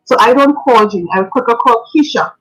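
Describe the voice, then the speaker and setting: A woman's voice: a little high, fairly quick, a bit bright, poor audio. A woman, a radio guest sharing heartfelt, faith-filled memories in an earnest, reflective way. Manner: earnest, reflective, sometimes laughing; faith-filled, preacher-like phrasing. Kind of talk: spoken radio tribute.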